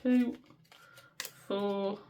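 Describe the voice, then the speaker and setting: Very slow and warm, her medium-pitched voice keeps fairly even intonation, with a little hiss or hum in the audio. The Black Country budgeting vlogger from the West Midlands chats casually while cash stuffing, humming tunes and laughing at herself.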